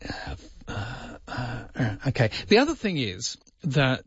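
Male radio host, husky voice, self-mocking chat, dull audio. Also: mid-range voice, very animated, slow, dry recording. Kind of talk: casual on-air banter. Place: radio studio.

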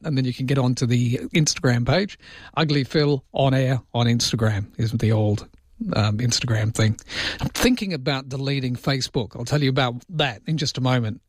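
A man's voice: mid-range voice, no room sound, clean studio sound. A man hosting talkback radio, chatting wryly and reading listener texts aloud. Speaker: radio host. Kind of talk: casual talkback radio chat.

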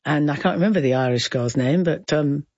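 An older woman, an actress chatting as a radio guest and telling stories in a theatrical, animated way. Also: sits low, brisk, no echo. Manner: theatrical, laughing, animated storyteller. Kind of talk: casual radio chat. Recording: dull lo-fi radio sound.

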